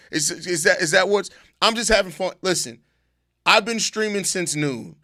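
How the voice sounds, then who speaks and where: A high-pitched male voice at a moderate pace hosts a casual live stream, reading viewers' chat messages aloud and responding to them. He's animated, often putting on mock outrage, swearing, and repeating questions. The studio-quality audio has no room sound.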